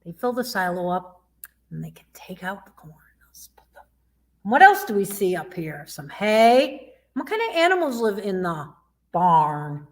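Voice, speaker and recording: Lively, slow-talking woman librarian. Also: mid-range voice. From Michigan. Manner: sing-song, asks young listeners questions, imitates animal sounds. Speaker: youth librarian. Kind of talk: children's story time presentation.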